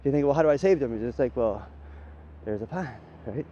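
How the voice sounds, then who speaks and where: A man wanders through a loose monologue, swearing freely and ending thoughts with a questioning "right?". His voice sits at an ordinary middle pitch. Faint background noise stays under him. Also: expressive, a little fast, mellow, dull audio. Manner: rambling, profane, tags lines with "right?", laughs often. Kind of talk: rambling monologue.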